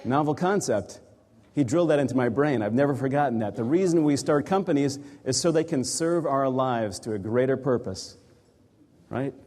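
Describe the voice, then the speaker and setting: A man speaks to a live crowd in a large hall, his voice dark and mellow as long reverb trails after each phrase. He tells his story in a reflective, conversational way, the easy manner of an executive coach. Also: medium pitch, lively intonation, moderate pace. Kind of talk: storytelling talk to a live audience.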